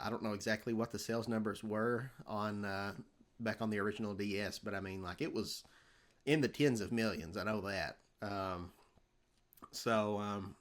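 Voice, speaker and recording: A young man, talking casually on a podcast with lots of ums and restarts. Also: fairly low pitch. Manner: rambling, many fillers and restarts. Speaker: podcast host.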